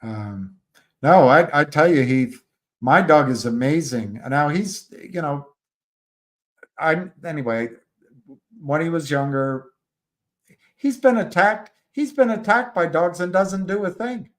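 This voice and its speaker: A man hosting a live stream, telling a story in a halting, rambling way with many restarts and reading out viewer comments. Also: fairly high pitch, animated. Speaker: livestream host. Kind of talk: casual livestream chat and storytelling.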